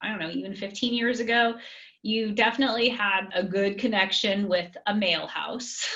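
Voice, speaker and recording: A woman's voice: mid-range voice, steady tone, moderate pace, a bit bright, dull audio. A woman guest on a podcast, chatty and easy-laughing, talking through her work with casual fillers. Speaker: guest, marketing director. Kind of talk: casual interview.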